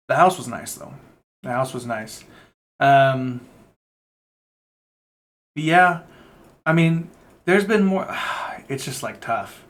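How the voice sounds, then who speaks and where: A man's voice: mid-range voice, moderate pace, pauses often, a bit bright. A young man vlogging in a casual, rambling way, candid and peppered with swearing and fillers. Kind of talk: casual chat to camera.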